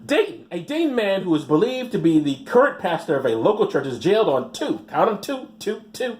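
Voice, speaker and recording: A man's voice: sits high, sing-song, brisk, darkish tone, a little hiss or hum. A man reading out news stories and mocking them with sarcastic, rambling asides. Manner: rambling, mocking asides, mumbled "blah blah" skips.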